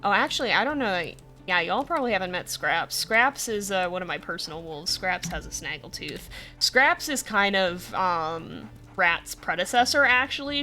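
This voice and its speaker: A woman streamer chatting casually over a wolf game, laughing often and loudly, with a light lilt. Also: fairly low pitch. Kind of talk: casual gameplay commentary.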